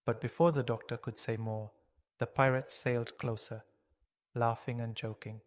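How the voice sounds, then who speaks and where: A man narrating a children's story clearly and steadily for English learners. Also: medium pitch, little pitch movement, normal speed. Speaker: audiobook narrator.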